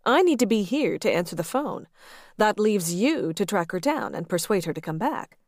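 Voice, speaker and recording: A woman's voice: medium pitch, sing-song, moderate pace, darkish tone, dry recording, studio quality. A woman reading the part of a bold married man who coaxes and teases his partner in an audiobook. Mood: coaxing.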